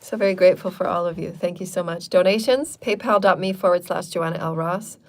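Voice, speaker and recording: A woman's voice: fairly low pitch, brisk. A woman hosting a live channeled spiritual talk, speaking in repetitive, chant-like affirmations and loose, chatty asides. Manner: chatty and loose, with frequent fillers.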